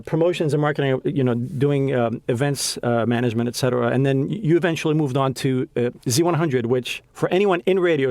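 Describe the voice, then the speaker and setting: This young podcast host has a mid-range, darkish voice with no echo. He chats casually but with heartfelt feeling, speaking haltingly and restarting his sentences again and again.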